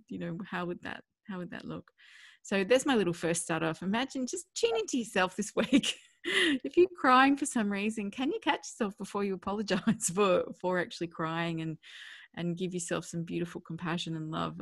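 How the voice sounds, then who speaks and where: A woman's voice: on the low side, normal speed, gravelly, dry recording, clean studio sound. A woman co-hosting a parenting podcast, talking in an enthusiastic, casual way and laughing often.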